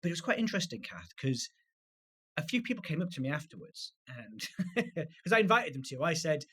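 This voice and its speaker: Husky man telling stories. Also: on the high side, very animated, bright, forceful tone. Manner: quick anecdotal storytelling with frequent laughs. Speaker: podcast co-host and comedian. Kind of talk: casual chat.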